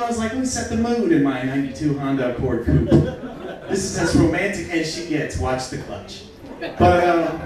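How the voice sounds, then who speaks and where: Young male stand-up comic, crude and brash, recorded from a distance in a boomy bar room. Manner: crude, brash punchlines with lively swings in loudness. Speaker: stand-up comedian. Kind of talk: stand-up comedy set. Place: bar venue with a live audience. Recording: echoey bar room, distant mic, crowd noise. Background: crowd reactions.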